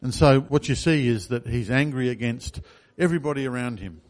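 A man's voice: mid-range voice, brisk, a little mellow. A man preaching a sermon in a conversational way, asking the congregation questions. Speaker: pastor.

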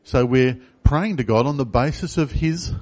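A man's voice: mid-range voice, moderate pace, a little mellow. A man preaching a sermon in a conversational way, asking the congregation questions. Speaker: pastor.

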